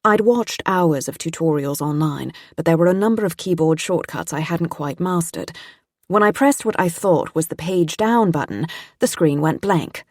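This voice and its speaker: Woman reading a mystery audiobook, deep low voice, tense steady telling, dry close sound. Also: moderate pace, no echo. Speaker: audiobook narrator. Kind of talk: scripted audiobook narration.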